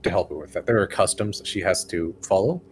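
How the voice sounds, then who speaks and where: A man narrating as game master in a tabletop game, describing scenes slowly with fillers. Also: low voice, a little hiss or hum.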